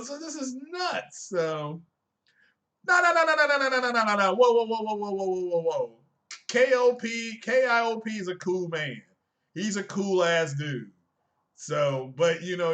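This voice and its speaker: A man talks to his live-stream viewers about games in a bright, forceful voice that sits a little high for a man. He is emphatic and likes rhetorical questions, scolding his audience as he goes. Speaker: tech and gaming streamer. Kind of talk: casual live-stream commentary.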